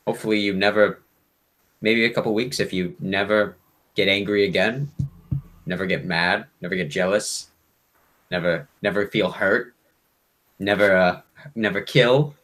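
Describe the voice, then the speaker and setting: A man's voice: on the low side, steady tone, moderate pace, pauses often, fairly bright tone, close to an everyday voice. A man voicing a sly male demon who coaxes and bargains with its host. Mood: wheedling. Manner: wheedling, coaxing, sarcastic.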